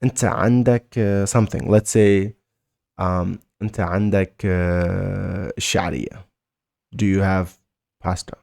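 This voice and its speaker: A man with a Mauritanian accent teaching a casual language lesson, repeating words slowly and chatting loosely. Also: deep voice, flat delivery, vocal fry, a little mellow, dry recording, studio quality.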